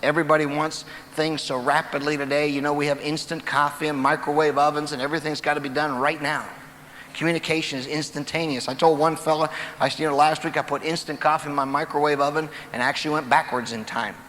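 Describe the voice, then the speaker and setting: On stage in a large auditorium, a motivational speaker gives a folksy talk full of jokes and stories for the audience. His fairly high voice moves little in pitch, comes quickly, and sounds a bit bright. The live hall recording is distant and echoey, with slight background noise.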